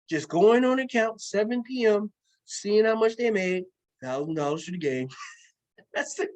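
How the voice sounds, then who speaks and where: A man with a notably high voice delivers a loose, animated sales talk. He repeats his key phrases and drifts into slang. He sounds middle-aged, walking viewers through figures on a screen. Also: rough recording. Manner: animated, repetitive, slangy storytelling. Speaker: presenter of an investment program. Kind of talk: casual sales pitch with screen walkthrough.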